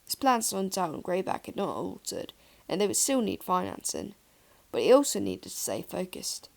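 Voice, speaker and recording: A woman narrating a fan-fiction audiobook in a calm, steady storytelling voice. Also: mid-range voice, normal speed, vocal fry.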